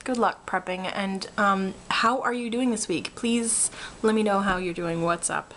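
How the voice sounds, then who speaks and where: A woman chatting to camera in a rambling, energetic way and laughing often, wired on coffee. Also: mid-range voice, measured pace, slight background noise. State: caffeinated. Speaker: writing vlogger. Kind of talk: casual chat to camera.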